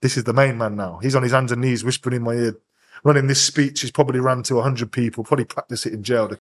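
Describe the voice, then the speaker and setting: A man's voice: medium pitch, fairly even intonation, fast. A man, a podcast guest telling a hard personal story in blunt, profane street slang. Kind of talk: candid storytelling interview.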